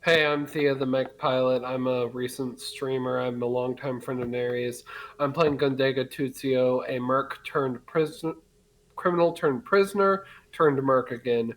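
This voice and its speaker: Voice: medium pitch, steady tone, a little slow, slight background noise, poor audio. A streamer and tabletop player introducing a character in a friendly, straightforward way. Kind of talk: casual chat.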